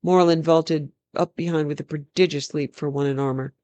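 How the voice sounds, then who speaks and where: Fantasy read-aloud narrator, steady and measured, close dry sound. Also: medium pitch, no echo. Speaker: storyteller. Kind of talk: reading a fantasy novel aloud.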